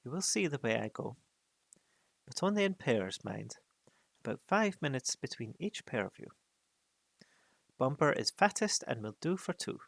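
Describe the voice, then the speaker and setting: A man's voice: mid-range voice, sing-song, moderate pace, creaky, pauses often, no room sound. A man voicing an old male wizard who gives commanding, clipped instructions in a storybook reading.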